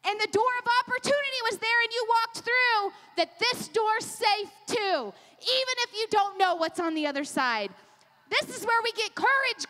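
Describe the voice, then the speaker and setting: High, bright-voiced woman preaching. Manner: impassioned, repetitive preaching cadence. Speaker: pastor. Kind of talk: sermon. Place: large church hall. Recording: long hall reverb.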